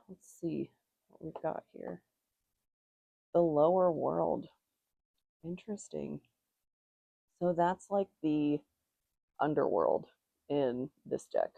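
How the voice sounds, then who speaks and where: A woman's voice: low-pitched, slow, gravelly, long pauses, warm tone, husky, no room sound, highs cut off. A woman giving a casual tarot reading in a musing, meandering way, her nose slightly stuffy. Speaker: tarot reader.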